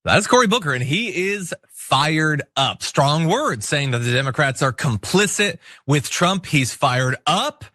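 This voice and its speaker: Male commentary host, bright voice, lively intonation, wry, casual. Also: on the high side, a little slow, hardly any pauses, no echo, studio quality. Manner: animated, wry asides.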